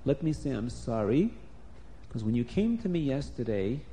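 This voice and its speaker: Man doing a gentle older sage. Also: mid-range voice, very animated, moderate pace, voice pushed down, close to an everyday voice. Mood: kind. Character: calm, kindly older male sage.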